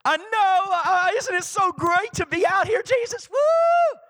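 A pastor voicing God the Father as jubilant and bursting with excitement, shouting and whooping. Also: very high-pitched, measured pace, dry recording, studio quality, pitched above the performer's own voice, exaggerated voice. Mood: overjoyed.

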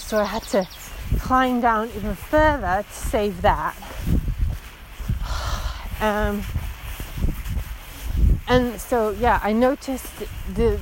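A woman hiker recounts a frightening hike in an unhurried, emotional way that is full of fillers. She was recorded on a phone outdoors, with clear background noise behind her voice. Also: medium pitch. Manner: emotional, breathless retelling with many fillers. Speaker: long-distance hiker. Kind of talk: personal storytelling recording.

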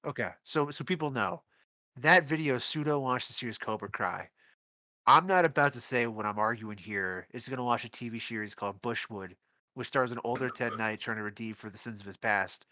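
A man with a bright, forceful voice co-hosting a casual podcast. He rants with sardonic exasperation and lands his complaints with punch. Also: medium pitch, fairly quick, dry recording. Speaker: podcast co-host.

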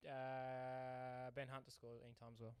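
An Australian man co-hosting a podcast, telling stories in a casual, animated way and getting worked up as he talks. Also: medium pitch, clear, resonant tone, dry recording. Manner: animated storytelling, quick to anger. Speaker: podcast co-host. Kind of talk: casual chat.

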